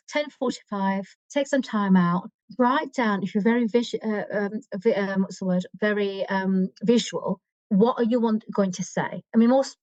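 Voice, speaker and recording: A woman's voice: medium pitch, darkish tone, no room sound, dull audio. A woman guest expert giving conversational podcast advice on stress, with a coaching manner, frequent restarts and fillers.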